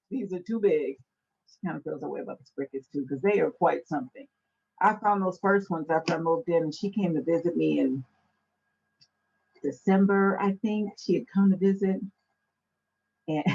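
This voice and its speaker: A woman hosting a Bible study podcast, telling stories in a casual, animated way, acting out quoted voices and laughing often, on an indoor set. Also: fairly low pitch, breathy edge, dull audio. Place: indoor set with a fireplace backdrop.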